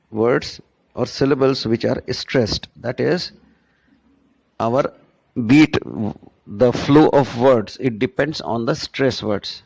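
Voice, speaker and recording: A man teaching a spoken English lesson, speaking deliberately and often checking in with "right?". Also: mid-range voice, darkish tone, lo-fi sound. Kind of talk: classroom lecture.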